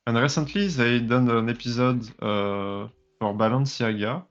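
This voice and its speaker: A man's voice: medium pitch, a little slow, highs cut off. A man, a guest artist on a stream, speaking hesitantly with many fillers. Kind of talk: casual stream chat.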